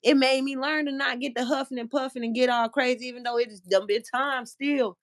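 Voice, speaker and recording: A woman's voice: high-pitched, steady tone, brisk. A woman guest in casual chat, telling personal stories in an earnest, reflective way. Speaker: podcast guest.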